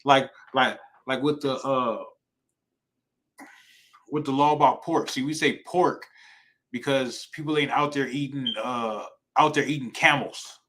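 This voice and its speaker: A man's voice: medium pitch, steady tone, measured pace, a bit bright, rough recording. A man teaching an informal Bible class in a casual, slangy way, often repeating himself and asking "right?" for agreement. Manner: repetitive, emphatic, slangy, asks "right?" often.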